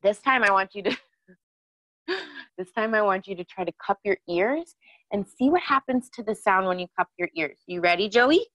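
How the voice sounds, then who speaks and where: A woman's voice: mid-range voice, lively intonation, normal speed, a bit bright, no echo. A woman leading a children's yoga class, cheerful and encouraging, asking the kids questions as she guides their breathing.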